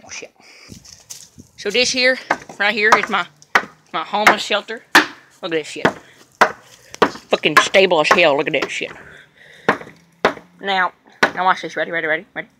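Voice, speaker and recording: A young woman making a chaotic, profane comedy vlog who rambles loudly and often breaks into yells. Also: mid-range voice, moderate pace, long pauses, very noisy. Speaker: vlogger.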